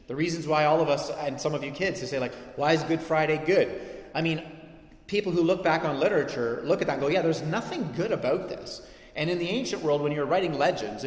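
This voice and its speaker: A man preaching a sermon, conversational and then building to emphatic peaks. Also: a little high. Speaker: pastor. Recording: echoey hall with long reverb.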